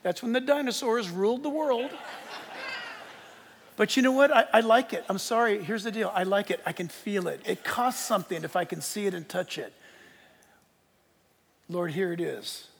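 Older guy pastor preaching, really high and gravelly, animated and jokey. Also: normal speed, long pauses, long reverb tail. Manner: animated, joking, emphatic. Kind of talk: sermon.

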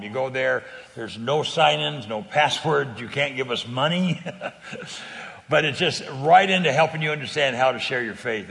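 A man's voice: medium pitch, vocal fry, fairly bright tone, big-room sound. An older man from California telling faith stories in an earnest, conversational way, often repeating words and laughing easily. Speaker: guest speaker on faith sharing. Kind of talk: conversational testimony.

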